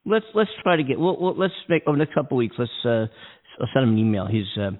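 A man's voice: medium pitch, very animated, racing. A man co-hosting a casual talk radio show, rambling and laughing often. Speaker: co-host. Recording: tinny phone-line sound.

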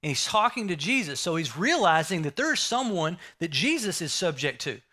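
A man's voice: fairly high pitch, sing-song, normal speed, sharp tone. A man preaching a sermon, emphatic, repeating key phrases and asking the listeners rhetorical questions.

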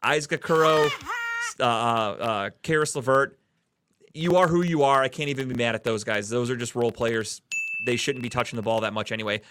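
A man's voice: mid-range voice, a little fast, a bit bright, no echo, studio quality. A man from the Cleveland area hosting a casual sports podcast, ranting heatedly and swearing often. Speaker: podcast host.

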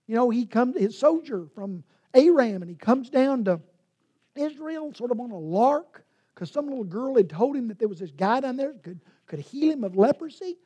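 Husky, warm-voiced woman preacher. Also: a little high, expressive, moderate pace. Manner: storytelling, swinging from loud to hushed whispers. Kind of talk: sermon.

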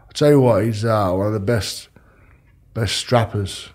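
A man's voice: fairly low pitch, measured pace, darkish tone. A man with an Australian accent, a former rugby league player, telling rambling stories and swearing freely in casual chat.

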